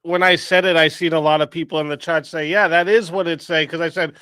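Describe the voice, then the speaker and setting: A man chats casually as a co-host and often laughs as he talks. His voice is bright and smooth. It is recorded dry and close to the mic. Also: a little high, steady tone, fast talker, no echo. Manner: laid-back, laughs often while talking. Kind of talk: casual chat.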